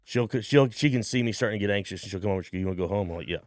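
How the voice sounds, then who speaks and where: A man's voice: lowish voice, very fast, dry recording. A man telling a story in casual podcast chat, acting out the people in it and swearing freely. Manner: animated storyteller, acts out voices, swears freely. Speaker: stand-up comedian guest.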